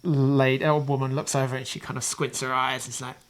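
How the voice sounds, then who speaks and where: A man with a New Zealand accent narrating as game master of a tabletop game, rambling with many pauses and restarts. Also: medium pitch, level tone.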